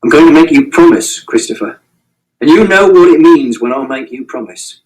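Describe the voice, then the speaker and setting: A man's voice: on the high side, expressive, normal speed, a little mellow, distant mic, lightly acted, low-quality recording. A man reading as a stern, scolding father. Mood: firm. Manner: curt, scolding, swearing in anger. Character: stern, exasperated middle-aged father.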